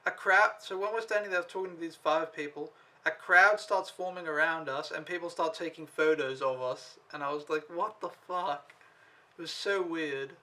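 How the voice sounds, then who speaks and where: A young man vlogging, telling a story in a casual, animated way and swearing freely as he acts out his own reactions. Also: fairly high pitch, moderate pace.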